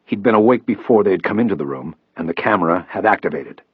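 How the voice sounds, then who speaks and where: A man narrating a crime audiobook in the first person, with expressive, steady storytelling. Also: deep voice, fast, husky, no room sound, narrow, tinny audio.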